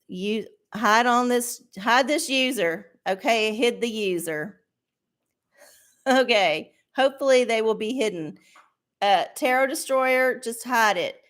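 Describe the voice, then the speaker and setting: A woman's voice: mid-range voice, fairly bright tone. A woman hosting a casual livestream, ranting and swearing with a sarcastic edge. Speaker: livestream host.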